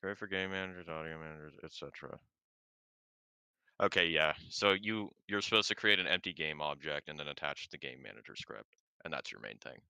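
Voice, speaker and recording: A young man with a very deep but sharp, bright-edged voice works through coding questions out loud. His sound is dry and close. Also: expressive, brisk, vocal fry, smooth, no echo. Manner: puzzles over code aloud, reads out answers. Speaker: game developer. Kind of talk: casual chat while coding.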